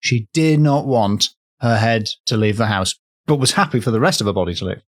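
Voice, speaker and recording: A man's voice: on the low side, a little fast, no echo, clean studio sound. A man hosting a comedy podcast, telling folklore stories in a rambling, playful way and correcting himself as he goes. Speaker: podcast host, storyteller.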